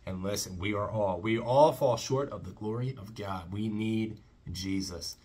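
A man's voice: fairly low pitch, unhurried, darkish tone. A man hosting a casual faith-based music reaction, talking with enthusiasm and breaking into short preaching asides. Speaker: reaction channel host.

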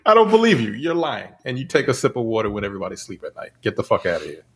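A male podcast co-host whose voice leaps all over the place in pitch. He chats casually, laughs often and swears in disbelief. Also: sing-song, racing. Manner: incredulous, laughing, profane. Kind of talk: casual chat.

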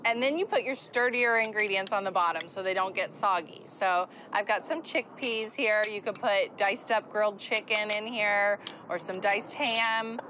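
A woman's voice: medium pitch, moderate pace, few pauses, background noise. A woman co-hosting a TV cooking show, explaining a recipe in a chatty, upbeat way from a studio kitchen. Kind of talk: TV cooking demo.

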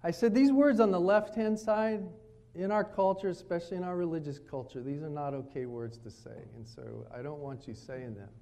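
A man preaching at a retreat, telling stories and acting out his children's lines in a lively, varied way. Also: on the high side, normal speed. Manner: storytelling preacher, animated, quotes his kids. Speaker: pastor. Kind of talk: sermon at a retreat. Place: retreat meeting room.

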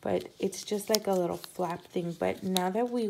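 A woman hosting a casual unboxing chat from her home craft room. She gushes excitedly, often gasps, and keeps calling viewers "you guys.". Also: medium pitch, normal speed, vocal fry, hardly any pauses, background noise. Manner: gushing and excitable, often gasping. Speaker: crafting channel host.

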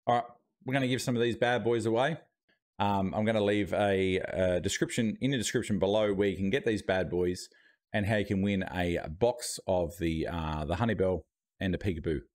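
Aussie streamer bloke, lowish voice, just chatting and munching on fruit. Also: male voice, moderate pace, darkish tone. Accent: Australian. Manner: chatty, talking while eating. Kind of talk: casual live-stream chat. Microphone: streaming mic with noise gate.

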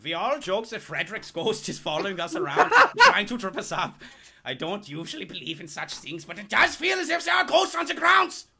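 A man reading out a frightened young woman musician's quote in a put-on mock accent, rising to a shout. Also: high voice, big pitch swings, brisk, gravelly, very noisy, pitched above the performer's own voice, full character voice. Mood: spooked.

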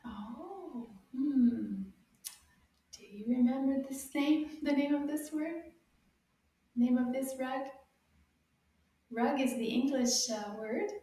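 A woman teaching children French words, encouraging them and repeating each word slowly with sound clues. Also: sits high, mellow, far from the mic. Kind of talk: slow, drawn-out teaching for kids. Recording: very echoey room, a bit off-mic.

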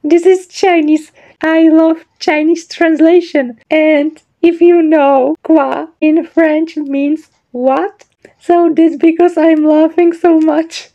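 High-voiced, amused woman sounding out words. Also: fairly even intonation, slow, dark tone. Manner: amused, giggly, apologetic about pronunciation. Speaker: channel host. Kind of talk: casual word pronunciation vlog. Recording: dull lo-fi recording.

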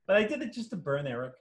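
A fantasy author talks casually over a video call, his voice sitting a little high. He tells his stories with animation and slips into the voices of the people in them. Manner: animated anecdotes, acting out quoted voices. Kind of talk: casual storytelling conversation. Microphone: video call mic.

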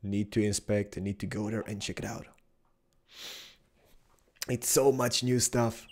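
Excitable gravelly young man gaming. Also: on the low side, unhurried, pauses often. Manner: excitable, exclaims and talks to animals. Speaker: gaming YouTuber. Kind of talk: Let's Play commentary.

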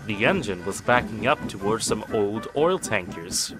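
A man narrating a children's story in an expressive storybook style. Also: on the low side, normal speed. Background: music.

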